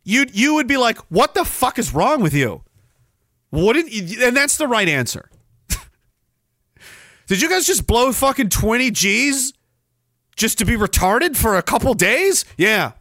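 A man's voice: very high voice, expressive, a little slow, pauses often, bright, forceful tone, no room sound, studio quality. A man, ranting sarcastically and profanely on his livestream, rambling from one complaint to the next. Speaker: livestream host.

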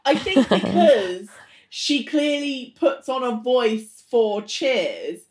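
Excitable woman podcast co-host. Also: fairly high pitch, slow. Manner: excitable, exclaiming, opinionated. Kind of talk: casual chat.

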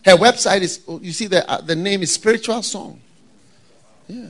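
A man with a Ghanaian accent preaching a sermon to pastors, given to loud high-pitched shouts and laughter. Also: moderate pace.

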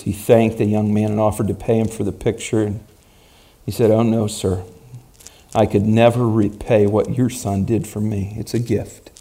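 A male preacher telling a story in a sermon, dramatic and at times building to loud emphasis. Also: fairly low pitch, vocal fry.

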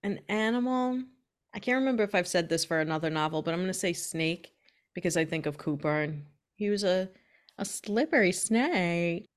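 A woman's voice: fairly low pitch, animated, moderate pace. A young woman co-hosting a book podcast in casual chat, giggling and trailing off as she thinks. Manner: giggly, hesitant, laughs between words.

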